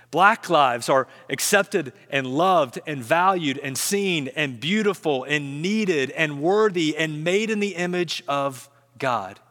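A man's voice: fairly high pitch, fairly bright tone. Earnest male pastor in a reverberant hall. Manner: earnest, repeats words when building up. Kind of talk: sermon.

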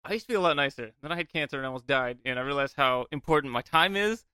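A man co-hosting a podcast, telling a story in casual chat, swearing freely and breaking into loud bursts. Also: medium pitch, racing, smooth, dry recording. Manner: profane, animated storytelling with bursts of shouting. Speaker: podcast co-host.

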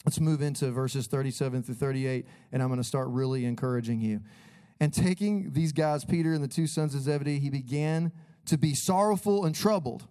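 A male pastor preaching in a relaxed, conversational way. He speaks with energy and addresses the listener directly, at a mid pitch for a man. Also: a little fast. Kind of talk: sermon.

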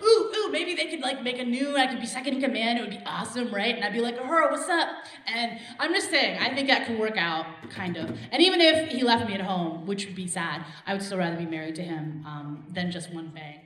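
A woman's voice: on the high side, animated, brisk, a bit bright. A woman co-hosting a podcast in casual chat, giggly and emotional, swearing and then apologizing. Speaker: podcast co-host. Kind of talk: casual chat game with friends. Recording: echoey room.

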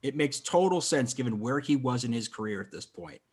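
A man's voice: mid-range voice, expressive, fairly quick, darkish tone, slightly rough. A man hosting a podcast in loose film chat, swearing and talking in bursts. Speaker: podcast host. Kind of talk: casual chat about a film.

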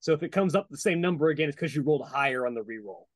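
A man's voice: a little high, animated, rapid-fire, no echo, studio quality. A man playing a tabletop game, explaining how the dice work. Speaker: player. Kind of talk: casual chat during tabletop game.

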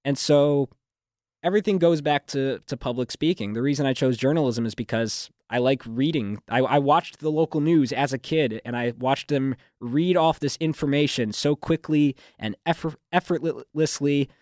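Young man, smooth newsreader delivery. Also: mid-range voice, normal speed, a little mellow, no echo, clean studio sound. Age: young adult. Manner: fluent, newsreader-like delivery with restarts and laughs. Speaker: graduating student guest. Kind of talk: casual radio interview. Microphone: studio microphone.

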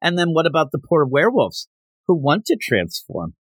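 A man's voice: fairly high pitch, huge pitch swings, normal speed, no echo. A man hosting a podcast in a casual solo recap, chatty and digressive, laughing as he goes and acting out quotes. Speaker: podcast host.

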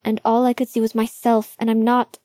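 A woman reading an audiobook, voicing a nervous young man who talks in halting, rushed confessions. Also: on the high side, monotone, mellow, dry recording, lightly acted. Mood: anxious.

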